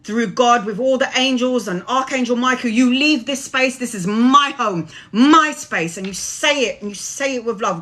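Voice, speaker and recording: A woman's voice: a little high, normal speed, few pauses, pushed and bright. A woman tarot reader giving a casual spiritual monologue, preachy and swearing freely.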